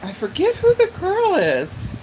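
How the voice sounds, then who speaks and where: A woman's voice: extremely high pitch, wildly swooping pitch, a little slow, warm tone, slight background noise, rough recording. A middle-aged woman hosting a live stream in a casual chat, rambling as she greets viewers by name and answers their comments. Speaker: livestream host.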